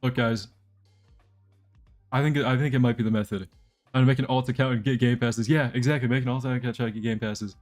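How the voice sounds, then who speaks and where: A man's voice: medium pitch, fairly even intonation, fast talker, pauses often, darkish tone. A young man streaming a game live, chatting casually to his viewers in a rambling, joking way. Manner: rambling, joking, talks to chat while playing. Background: faint background music.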